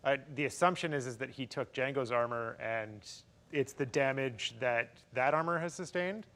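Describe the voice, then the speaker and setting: Slow, measured man explaining. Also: medium pitch, fairly bright tone. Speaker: podcast guest. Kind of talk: casual chat.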